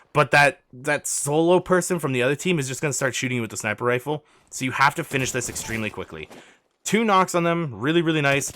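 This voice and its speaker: A man's voice: mid-range voice, sharp tone, slight background noise. A man coaching over gameplay footage, urgent and insistent, repeating his instructions and pleading with the player. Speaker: gaming coach.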